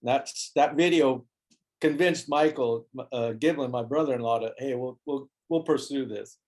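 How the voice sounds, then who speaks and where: A man telling a story as an interview guest, animated and acting out the voices of people he quotes. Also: medium pitch, normal speed. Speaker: interview guest, foil board maker. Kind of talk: casual storytelling.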